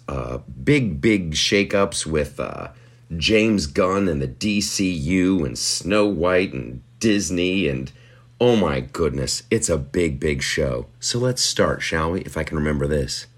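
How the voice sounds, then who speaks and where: A man's voice: extremely low pitch, animated, slow pace. A man hosting his podcast in a rambling, self-mocking comic monologue full of fillers and restarts. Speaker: podcast host. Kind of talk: casual comedic monologue.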